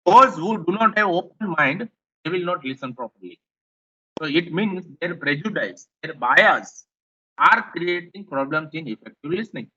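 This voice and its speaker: A man's voice: a little high, expressive, normal speed, sharp tone, husky, highs cut off. A man with an Indian English accent giving a classroom lecture, explaining points and repeating them. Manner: repetitive, explanatory, rephrases points.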